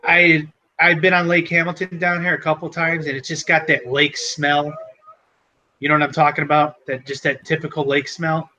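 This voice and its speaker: A man's voice: on the high side, level tone, normal speed, bright, forceful tone, rough recording. A man from the Chicago area with a local accent, co-hosting a casual livestream and chatting with viewers by name. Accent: Chicago-area Midwestern. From Chicago area, Illinois. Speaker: co-host of a livestream.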